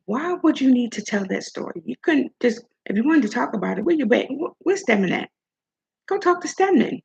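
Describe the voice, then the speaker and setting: Older woman, commentary vlog host, gravelly fry, somewhat high voice, sassy and blunt. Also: expressive, brisk, darkish tone. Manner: sassy, talks straight at her subject. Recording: dull lo-fi recording.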